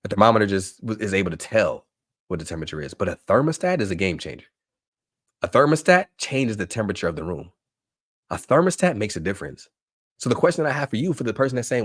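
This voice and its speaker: Low-ish guy hyping up teachers on a live call, emphatic, repeats stuff, dry close sound. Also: quick pace, no echo. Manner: energetic, emphatic, repeats phrases for effect. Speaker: workshop presenter for teachers. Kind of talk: motivational live webinar talk.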